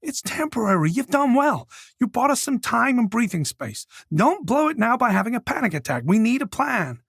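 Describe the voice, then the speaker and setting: A man narrating an audiobook voices a cold, scheming woman who stays calm and firm, with a clipped, controlling manner. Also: very high voice, moderate pace, creaky, husky, dry recording, clean studio sound, voice pushed up, full character voice. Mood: commanding. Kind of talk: audiobook character voice.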